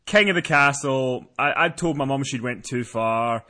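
A man's voice: mid-range voice, normal speed, sharp tone. A man chatting on a podcast, telling a rambling story with many restarts. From lives in Scotland. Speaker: podcast co-host. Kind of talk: casual podcast chat.

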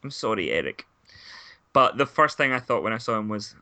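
Male co-host with a very bright, forward tone, wry and self-amused. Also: fairly low pitch, expressive, a little fast. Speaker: podcast co-host. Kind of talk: casual wrestling recap chat.

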